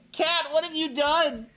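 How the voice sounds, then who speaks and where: A woman's voice: high voice, bright, forceful tone. A woman co-hosting a live art stream, chatting casually and joking playfully. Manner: playful and jokey. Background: faint Christmas music.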